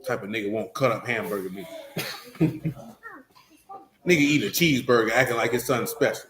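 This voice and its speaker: A man's voice: medium pitch, moderate pace, a crowd in the background. A man leading a Bible study, teaching loosely and breaking into teasing, joking asides. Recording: echoey room.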